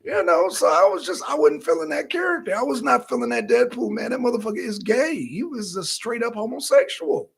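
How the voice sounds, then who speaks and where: Husky, high-voiced man ranting animatedly. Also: a little fast, hardly any pauses. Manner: animated, loose and profane, slips into quoting himself. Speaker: talk show co-host. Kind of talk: casual profane commentary.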